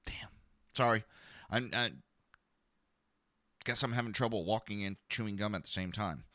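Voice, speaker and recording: A man's voice: lowish voice, normal speed, bright, forceful tone, no echo, studio quality. A man hosting a political talk podcast, ranting bluntly and sarcastically with lots of profanity and talking to his live listeners. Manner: talks to listeners in a live chat. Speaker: podcast host.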